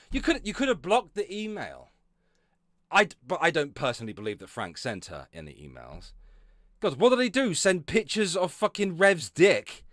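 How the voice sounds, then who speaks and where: A man's voice: a little high, a bit bright, no room sound, studio quality. Sarcastic, foul-mouthed male streamer. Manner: sarcastic, swears constantly, often laughs and trails off. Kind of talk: profane live-stream commentary.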